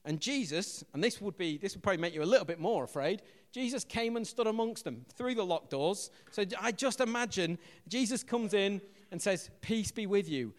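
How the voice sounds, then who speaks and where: An English man preaching a sermon as pastor, an animated storyteller who acts out quotes loudly. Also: sits high, brisk, big-room sound. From England.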